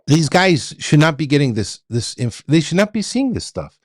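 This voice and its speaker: Male show host, middle-aged, blunt and repetitive, stammers, animated delivery in a dead-dry room. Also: a little high, moderate pace, no room sound. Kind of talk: ranting monologue to viewers.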